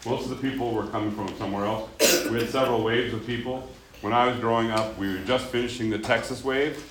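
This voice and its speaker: A man from Colorado leading a choir rehearsal, chatting quickly between run-throughs and giving instructions to the singers. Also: lowish voice, slight background noise. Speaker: choir director. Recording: echoey room with choir music.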